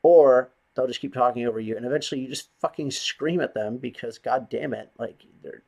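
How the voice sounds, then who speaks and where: A man's voice: medium pitch, a little fast, creaky, dark tone. A man vlogging a bitter, rambling, profane rant to the camera. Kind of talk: ranting monologue to camera.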